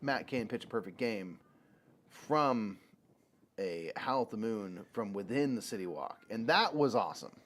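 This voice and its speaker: A man's voice: fairly low pitch, lively intonation, a little slow, a bit bright. A man hosting a board game session, chatting casually and teasing his fellow player as he takes his turns. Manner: joking, teasing, laughs often. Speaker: board game show host. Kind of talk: casual chat while playing a board game.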